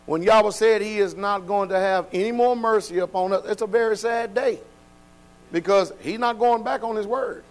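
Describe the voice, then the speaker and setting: A man preaching a sermon, dropping to quiet, low passages and then building to loud, shouted exhortation. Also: normal speed, rough recording.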